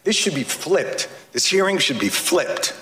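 A man giving angry, impassioned testimony at a hearing, speaking forcefully and cutting into his listeners. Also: a little high, very animated, unhurried. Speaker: advocate testifying before a legislative hearing. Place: large hearing room. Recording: roomy hall echo.

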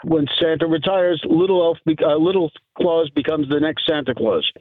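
A man's voice: a little high, normal speed, no room sound. A middle-aged man telling stories as a guest over a phone line, who works as a lawyer and plays Santa. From New York. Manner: chatty anecdotal storyteller. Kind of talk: phone interview, storytelling.

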